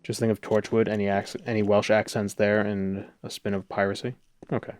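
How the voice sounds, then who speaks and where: Joking male game streamer, lowish voice. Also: flat delivery, brisk, darkish tone, dry recording, clean studio sound. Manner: joking, riffing with chat. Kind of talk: casual gameplay commentary.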